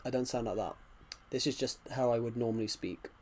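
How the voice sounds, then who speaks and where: Soft-spoken young male streamer. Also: mid-range voice, brisk. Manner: soft-spoken, quiet and subdued. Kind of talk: casual gameplay commentary.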